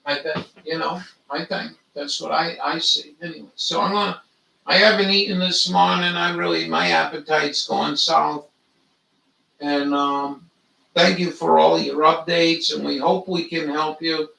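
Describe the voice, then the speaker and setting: A man's voice: a little high, steady tone, unhurried, gravelly, sharp tone, echoey room, far from the mic. An older man telling rambling, profane stories in a meandering monologue. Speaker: vlogger.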